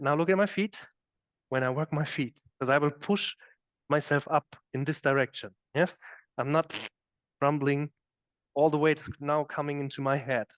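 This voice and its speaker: A man's voice: a little high, normal speed, pauses often, dry recording. A man teaching a live yoga class, demonstrating the moves as he explains them and often checking in with "okay?". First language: German. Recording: dull, dry studio recording.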